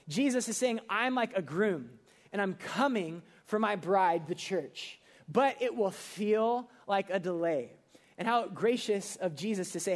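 A young man preaching a sermon in a casual, conversational way, full of fillers and quick acted asides. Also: sits high, a little mellow. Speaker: pastor.

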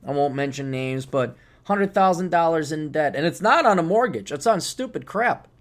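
A man hosting a podcast alone, rambling in a sarcastic, casual monologue with sudden loud bursts, tired and just waking up. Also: fairly high pitch, lively intonation, normal speed. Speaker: podcast host.

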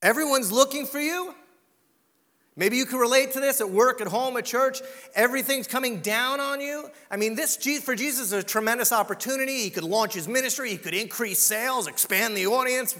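Casting: male pastor, high bright voice, sermon in a long-echo hall. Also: fairly quick. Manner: dramatic, drops to a hush for emphasis.

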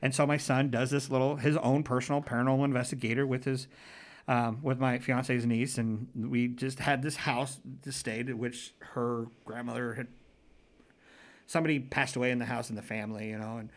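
A man's voice: mid-range voice, level tone, moderate pace. A man in his forties, a paranormal investigator, telling a rambling, earnest story in a casual interview, restarting his sentences as he goes.

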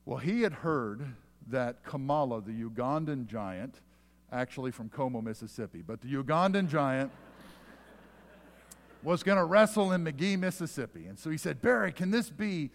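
Pastor preaching in a reverberant church. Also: male voice, mid-range voice. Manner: animated storyteller, rising loud for punchlines, then dropping soft and slow. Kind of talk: sermon with storytelling. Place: church sanctuary. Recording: long hall reverb.

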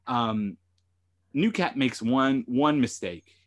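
A man's voice: mid-range voice, lively intonation, slow pace. A man hosting a podcast and recapping a TV episode, retelling scenes animatedly and quoting the characters' lines. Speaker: podcast host and lawyer.

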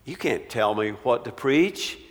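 Bir vaiz, sözünden dönmeyen dürüst bir peygamberi canlandıran bir adam; uzun yankılı salon. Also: male voice, medium pitch, animated, unhurried, long reverb tail, pitched below the performer's own voice, close to an everyday voice. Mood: resolute. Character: stubborn honest prophet, grown man.

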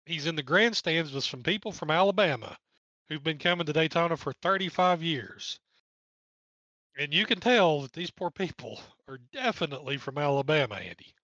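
Here a man co-hosting a podcast goes over an old race in casual, wry fashion, joking in between rundowns of the drivers. He has an East Tennessee accent and a somewhat high, sharp-toned voice, heard in a lo-fi recording without room sound.

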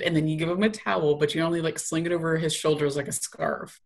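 Chatty woman with a lowish voice. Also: lively intonation, fast talker, hardly any pauses. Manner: chatty, laughs often. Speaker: podcast co-host. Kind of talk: casual chat. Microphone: video call.

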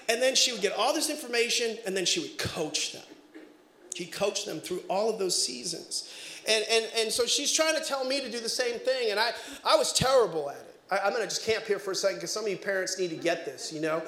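A middle-aged man preaching a sermon as pastor, telling family stories in an animated way with bursts of shouting. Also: extremely high pitch, brisk. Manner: animated storytelling, breaks into shouts and laughter. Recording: echoey room.

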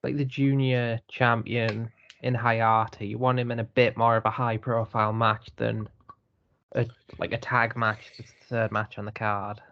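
A man speaking at a middle pitch on a slightly muffled, dull-sounding mic. He chats casually on a podcast in a blunt, wry way and throws in the odd swear word. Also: flat delivery, measured pace. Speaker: podcast co-host and reviewer.

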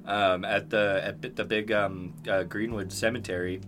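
A man's voice: lowish voice, level tone, moderate pace, music in the background. A young man from Spokane co-hosting a podcast, chatting casually with many fillers and easy laughs. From Spokane, Washington, USA. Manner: rambling, filler-heavy, laughs easily. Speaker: podcast co-host. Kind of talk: casual chat.

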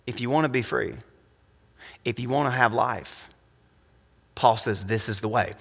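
Bright-voiced pastor preaching in a hall. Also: male voice, unhurried, breathy edge. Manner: emphatic, swings between loud highs and quiet lows. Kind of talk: sermon. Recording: long reverb of a hall.

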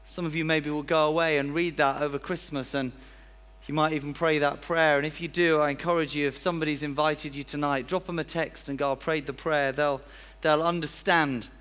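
A man's voice: fairly high pitch, steady tone, brisk, a bit bright. A man preaching a sermon in a church, chatty and self-deprecating, acting out little everyday scenes.

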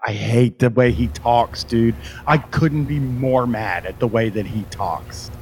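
A man's voice: mid-range voice, a little slow, darkish tone, slight background noise. A man hosting a casual talk show, exasperated and profane, laughing often. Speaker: podcast host. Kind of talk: casual chat.

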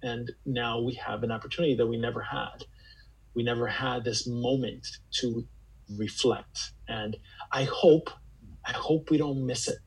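A man's voice: mid-range voice, fairly even intonation, measured pace, gravelly, low-quality recording. A man speaking as a guest in a reflective conversation, earnest and searching, often repeating words as he gathers his thoughts. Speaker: podcast guest.

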